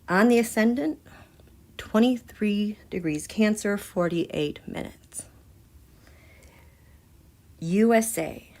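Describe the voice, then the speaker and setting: A woman hosting a live astrology and tarot stream, gushing and excitable, dropping into hushed, near-whispered passages. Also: mid-range voice. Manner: soft and slow, nearly whispering. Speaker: tarot and astrology livestream host.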